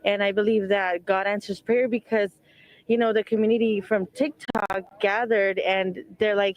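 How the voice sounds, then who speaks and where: An earnest woman speaking outdoors, answering a reporter's questions as a mother who had to flee a wildfire. She rambles in loose, halting sentences padded with "like" and "you know", and brings in her faith as she talks. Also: mid-range voice, steady tone, poor audio. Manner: earnest, openly religious. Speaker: wildfire evacuee, mother of several children. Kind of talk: emotional on-the-spot interview answers. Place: outdoors at a donation site.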